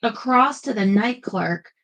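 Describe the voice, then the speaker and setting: A woman reads a first-person paranormal romance aloud with playful expression. Her voice is bright and fairly high, and she drops into loose, chatty asides between passages. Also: measured pace, rough recording. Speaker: audiobook narrator.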